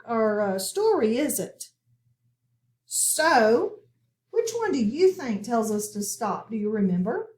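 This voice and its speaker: Woman teacher, higher voice, patient phonics lesson, distant mic, echoey classroom. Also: a little mellow. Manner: slow, clear, patient classroom instruction. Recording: echoey room, voice from far off.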